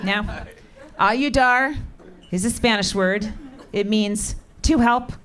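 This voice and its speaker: A woman's voice: mid-range voice, slow pace, fairly bright tone. A middle-aged woman comedian performing a stand-up set with crowd work on a club stage, talking in a dry, profane, teasing way. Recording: live club set with audience laughter. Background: audience laughing.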